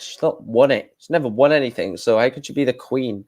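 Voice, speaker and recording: A man's voice: medium pitch, expressive, fast, hardly any pauses, a little mellow. Man, casual live-stream chat, thinks aloud, corrects himself.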